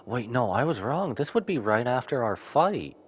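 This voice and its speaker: A woman streamer making quick, reactive asides while playing a game live. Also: a bass voice, very animated, slight background noise. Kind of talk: live gameplay commentary.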